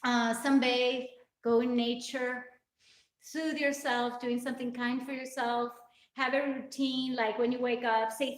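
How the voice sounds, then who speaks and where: A tearful woman talks straight to her live-stream viewers, earnest and rambling, her high voice full of emotion. She sounds a little away from the mic in a roomy, echoing space. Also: flat delivery, unhurried, recorded from a distance. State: tearful, crying. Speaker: fitness vlogger hosting a livestream.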